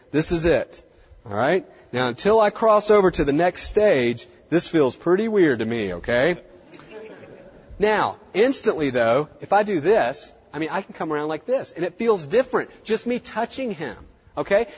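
Southern male seminar presenter, slightly high husky voice, chatty, echoing hall on a dull recording. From American South. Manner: conversational, repeats words, demonstrates on stage. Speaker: workshop presenter. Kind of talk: live seminar lecture.

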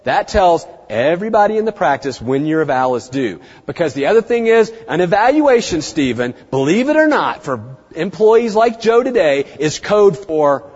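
A middle-aged man giving a seminar talk to an audience, chatty and animated, acting out the people he quotes. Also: sits high, brisk, slightly rough. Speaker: veterinary practice speaker. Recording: muffled, dull sound in a reverberant hall.

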